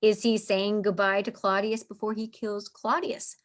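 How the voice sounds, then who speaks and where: A woman's voice: mid-range voice, flat delivery, moderate pace. A woman giving a casual lecture on a play, reading lines aloud and tapping out the meter with enthusiasm. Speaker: literature teacher.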